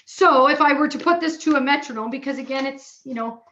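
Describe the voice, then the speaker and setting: A woman with a bright, somewhat high voice leads a drumming lesson. She explains each rhythm patiently and counts it out aloud. The recording sounds dull and lo-fi. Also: fairly quick. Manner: patient, explanatory, checks in with "okay?". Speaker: bass drum instructor.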